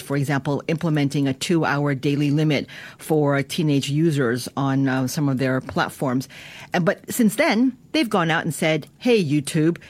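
A woman's voice: low voice, no echo. A woman business reporter giving a live radio news report in a chatty way, with many fillers and restarts.

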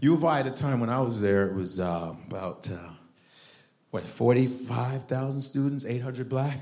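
A man's voice: medium pitch, normal speed, darkish tone. A man doing a crude, conversational stand-up set and working the crowd. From Chicago. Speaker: stand-up comedian. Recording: roomy club recording with background noise.

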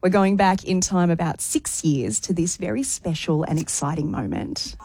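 A woman's voice: lowish voice, moderate pace, mellow. A woman co-hosting breakfast radio, playful and teasing. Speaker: radio co-host. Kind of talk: casual studio banter.

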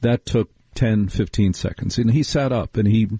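A middle-aged American man hosts late-night radio in a wry, rambling monologue. His voice is dark and a little husky. The recording is close and dry. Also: fairly low pitch, normal speed, no echo. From United States. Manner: chatty, wry, digressive storytelling.

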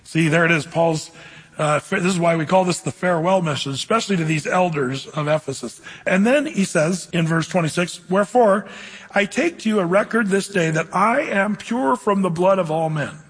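A man preaching a sermon, telling stories casually and slowing down to read scripture aloud. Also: sits high, expressive, slightly rough, in a large hall. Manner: conversational, storytelling, reads scripture slowly. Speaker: pastor.

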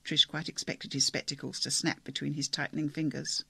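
Male audiobook narrator, measured and wry, gravelly and husky. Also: on the high side, flat delivery, pushed and bright, dry recording. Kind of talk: scripted narration.

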